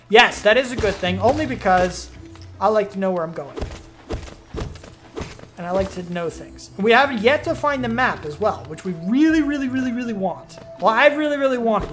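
Here a man with a high-pitched, fairly bright voice does let's play commentary, muttering to himself, addressing viewers, and getting caught off guard by what happens in the game.

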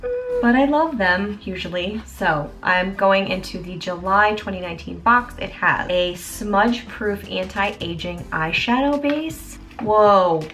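A young woman chatting casually as a beauty vlogger, bubbly and quick to exclaim. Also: medium pitch, a bit bright. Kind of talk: casual chat.

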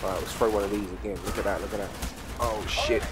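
A British man giving crude, excitable let's play commentary while trash-talking enemies in a war game. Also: fairly low pitch, quick pace, background noise. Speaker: gamer. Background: game music and gunfire.

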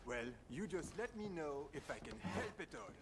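A man's voice: fairly high pitch, sing-song, normal speed, very noisy. An actor playing a nervous male pawnbroker with a French accent, fawning over customers in a video game. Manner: fawning shopkeeper, then pleading.

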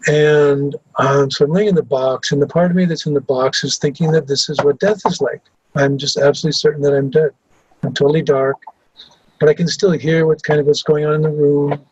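Husky-voiced man giving halting testimony. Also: fairly high pitch, flat delivery, darkish tone, no room sound, highs cut off. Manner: halting, with many fillers and restarts. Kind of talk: recounting personal memories in testimony.

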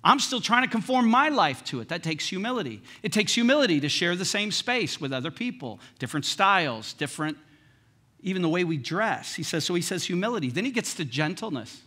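Speaking from the front of a church sanctuary, a pastor from the United States addresses his congregation in a high, bright, ringing voice that is sing-song, fairly quick and a bit breathy. His humorous, conversational sermon swings between quiet, hushed moments and emphatic, forceful points.

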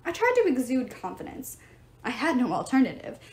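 A woman reading a novel aloud in an expressive, lively storytelling manner. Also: high voice, fairly quick. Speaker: audiobook reader. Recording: roomy echo.

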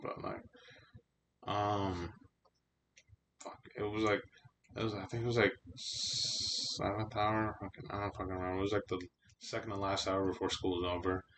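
A man's voice: low-pitched, flat delivery, moderate pace, background noise. A young man hosting a podcast, telling laid-back stories in casual chat with heavy swearing and slang. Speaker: podcast host.

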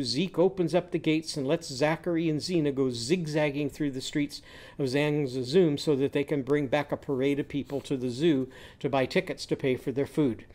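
Middle-aged guy teaching letter sounds, kinda high voice, silly animal noises, chanty teacher vibe. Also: darkish tone. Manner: playful sing-song teaching, acting out animal sounds. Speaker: literacy teacher. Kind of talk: demonstrating phonics gestures and chants.

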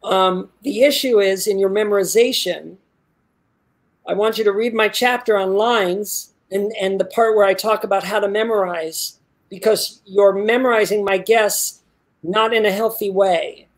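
A man's voice: sits high, fairly even intonation, measured pace. A man teaching an acting workshop, giving feedback and explaining a technique step by step over a video call. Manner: emphatic, explains step by step with repetition. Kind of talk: live workshop coaching.

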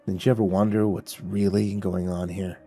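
A man voicing a weary escaped damned man who talks in a hushed, breathy, mocking way. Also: sits low, little pitch movement, moderate pace, faint music behind, voice pushed down. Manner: sly, taunting.

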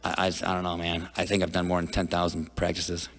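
A man talking as a podcast guest, telling stories in an energetic, rambling way with many restarts. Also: sits low, brisk, in a large hall. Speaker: guest wrestling coach. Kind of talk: casual storytelling.

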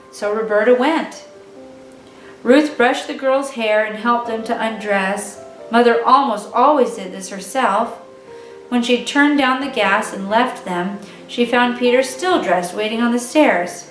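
A woman narrating a children's book aloud in a gentle, clear reading voice. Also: on the high side, unhurried. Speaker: storyteller. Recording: echoey room, distant mic, faint music.

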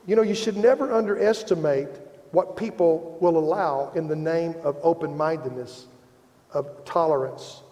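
A man's voice: on the high side, warm tone. A man with a Midwestern American accent preaching a sermon as pastor, earnest and self-deprecating, rising in emphasis as he presses a point. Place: church sanctuary. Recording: long hall reverb.

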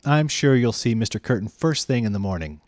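A man reading aloud, voicing a kind, steady young boy who speaks with earnest conviction. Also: medium pitch, a little fast, no room sound, clean studio sound, close to an everyday voice. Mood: reassuring.

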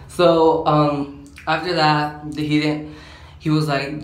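Unhurried and a bit bright, a fairly high-pitched eighteen-year-old voice rambles through a casual vlog storytime, slangy and full of "like." Faint hum and a roomy echo color the sound.

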